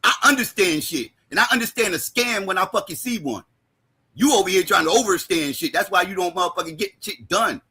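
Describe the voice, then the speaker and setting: Male streamer, high lively raspy voice, angry mocking roast. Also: brisk. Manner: heated, mocking, often shouting. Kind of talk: profane roast rant.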